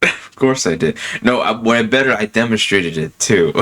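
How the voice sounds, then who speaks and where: A man casually chatting and telling stories, laughing often and filling pauses with um and you know. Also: on the low side, lively intonation, pushed and bright. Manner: drops fillers like um and you know. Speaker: podcast host. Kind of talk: casual chat.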